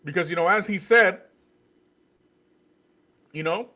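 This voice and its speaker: A man's voice: high voice, takes it slowly, long pauses, sharp tone. A man hosting a livestream commentary, scornful and repeating his points with rhetorical questions. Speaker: host.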